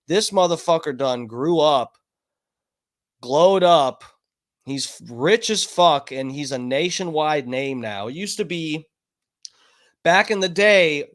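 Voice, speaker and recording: A man chatting on his livestream in a home studio, loose and profane, often mocking himself. His voice sits a little on the high side, and he now and then breaks into coughs from smoking. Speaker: streamer host. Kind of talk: casual livestream chat.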